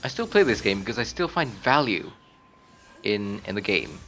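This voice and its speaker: A chatty man streaming a game, his pitch swinging widely as he reacts. His voice is bright and forward, with faint noise behind it. He shifts from easygoing talk to loud shouts at the screen. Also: very animated, moderate pace. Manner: chatty, bursts into loud screams and laughs at the game. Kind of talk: live gameplay commentary.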